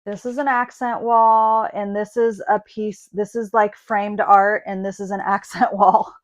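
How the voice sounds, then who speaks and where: A woman with a mid-range voice and flat delivery, speaking a little slowly, hosts a casual online card-making class. She chats and thinks aloud as she works through the craft demonstration.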